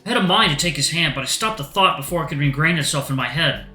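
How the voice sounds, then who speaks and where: A young man hosting a gaming channel, reading a visual novel aloud with animated asides. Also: a little high, fast talker, echoey room, soft background music.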